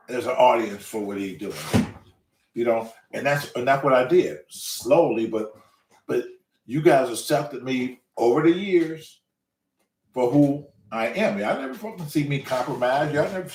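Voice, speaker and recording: A man's voice: medium pitch, moderate pace, recorded from a distance, a little hiss or hum. A man hosting his own show, telling a long story in a casual monologue and swearing constantly as he rants. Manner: profane, ranting, animated storyteller. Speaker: show host. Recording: roomy, away from the mic.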